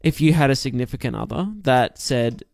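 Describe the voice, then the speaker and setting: A man's voice: mid-range voice, fairly quick, vocal fry, a little mellow, no echo, studio quality. A man, co-hosting a casual film podcast and talking in long rambling sentences full of restarts and fillers.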